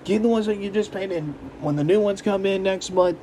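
A man's voice: sits high, a little fast, dark tone, a little hiss or hum, poor audio. A young man in a blunt, repetitive, emphatic monologue, giving his opinions as a commentator. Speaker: political commentator. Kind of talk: casual ranting monologue.

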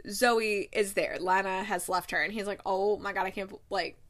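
A woman book vlogger recapping a romance novel in casual chat, chatty and excitable, acting out quotes and laughing often. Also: medium pitch, moderate pace.

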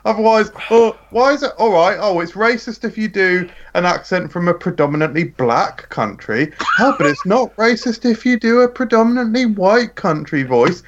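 A man's voice: high voice, expressive, moderate pace, hardly any pauses. A man in a casual podcast chat, playfully argumentative and teasing. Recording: dull mic with faint hiss.

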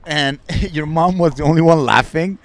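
A man's voice: a little high, normal speed. A man co-hosting a comedy podcast, teasing his partner and cracking crude jokes in casual chat outdoors. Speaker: podcast co-host and stand-up comedian. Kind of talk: casual banter. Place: outdoors in a park.

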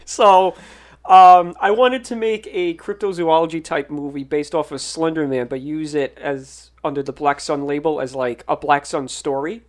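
Rambling, fairly high-voiced man. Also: fairly even intonation, moderate pace. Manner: rambling, filler-heavy, laughs often. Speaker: podcast guest, filmmaker. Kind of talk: casual chat.

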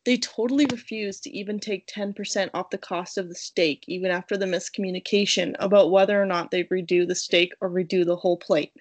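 A woman's voice: medium pitch, fairly even intonation, a little fast, hardly any pauses. A woman co-hosting a casual chat, reading restaurant reviews aloud and laughing between lines. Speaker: podcast co-host reading reviews.

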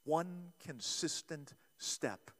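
A man preaching a sermon as pastor, acting out quoted voices and swinging between loud and soft passages. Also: on the high side, very slow, big-room sound.

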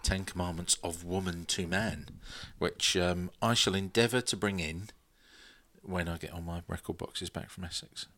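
Male radio co-host, lowish voice, chatty record talk. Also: steady tone, normal speed, a bit bright. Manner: chatty, with fillers. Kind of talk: casual chat about records.

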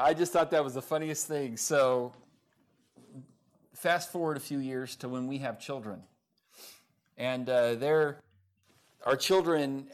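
Speaking at medium pitch, this middle-aged pastor delivers a sermon through stories. His manner is relaxed and conversational, sprinkled with fillers and little chuckles.

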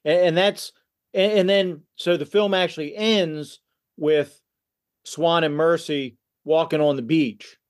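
A man appearing as a podcast guest, calmly recounting a film's plot in casual conversation with frequent restarts. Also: fairly high pitch. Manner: relaxed, halting retelling with restarts. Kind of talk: casual film discussion.

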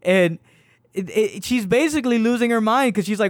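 A man's voice: high-pitched, normal speed, no echo, studio quality. A young man in casual chat, rambling and swearing as he retells a movie, often laughing mid-sentence. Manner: rambling, profane, laughs while telling. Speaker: podcast co-host reviewing a movie.

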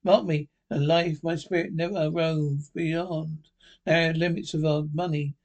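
A man's voice: a little high, flat delivery, a little slow, darkish tone. A man reading aloud and voicing the sorrowful ghost of a dead man, solemn and grave. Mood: mournful. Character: mournful chained ghost of a man. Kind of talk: storybook reading.

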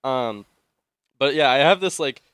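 A man's voice: medium pitch, expressive, measured pace, a bit bright, a little hiss or hum. A young man co-hosting a podcast, telling a story in a rambling way, with many fillers and bursts of laughter. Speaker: podcast co-host. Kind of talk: casual chat.

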